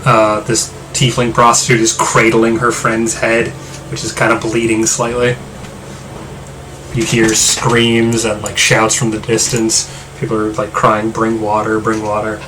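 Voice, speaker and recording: A man's voice: lowish voice, monotone, measured pace, noisy background. A man running a tabletop game as game master, narrating loosely with many fillers and restarts.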